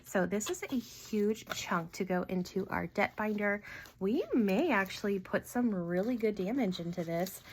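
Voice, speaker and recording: A chatty woman hosts a casual budgeting vlog in a mid-range voice. She talks in an animated way, full of ums and quick laughs. There is a faint hiss of noise behind her. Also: mid-range voice. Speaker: budgeting channel host. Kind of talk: casual cash-stuffing vlog.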